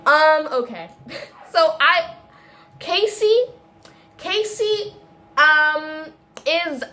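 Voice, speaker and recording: A woman in a casual video, ranting about a film in a rambling, animated way, full of restarts and tangents. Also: high voice, extremely slow. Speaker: video creator.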